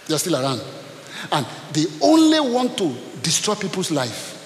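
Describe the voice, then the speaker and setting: A man preaching with dramatic, animated delivery, his voice sitting a little high. He is heard in a large echoing hall with a long reverb tail. A faint hiss runs under the recording. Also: normal speed. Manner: animated, dramatic, acts out scenes. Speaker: pastor. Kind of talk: sermon.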